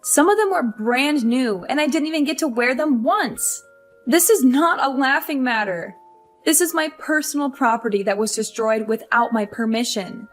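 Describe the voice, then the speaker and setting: A woman's voice: high voice, expressive, normal speed. Woman voicing an upset young wife. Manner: upset, complaining. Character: frustrated young career wife. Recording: faint music behind.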